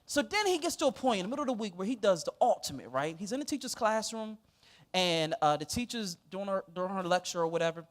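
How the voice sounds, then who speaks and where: High-voiced animated preacher man. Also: fast talker. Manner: animated, laughing storyteller. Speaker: pastor. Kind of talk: sermon storytelling.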